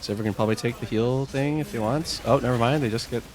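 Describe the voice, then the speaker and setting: A man streaming live and reacting to his game in quick, exclamatory bursts, often scolding himself. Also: medium pitch, a crowd in the background. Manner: reactive, exclamatory, self-critical. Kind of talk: live gameplay commentary.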